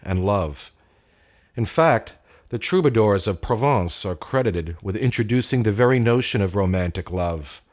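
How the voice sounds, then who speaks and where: A man narrating a story in a measured, deliberate way with dry wit. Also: lowish voice.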